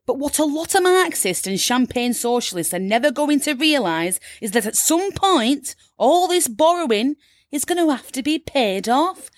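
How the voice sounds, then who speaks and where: A woman's voice: high voice, big pitch swings, normal speed, dry recording. An actress playing a brash, gushing Yorkshire mother who turns rude in a flash, in a comedy sketch monologue. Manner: gushing, breathless, sudden swearing.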